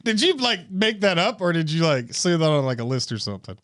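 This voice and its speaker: A young man co-hosting a casual podcast chat, animated and laughing a lot. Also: brisk. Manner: animated, laughing, swings high in pitch. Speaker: podcast co-host.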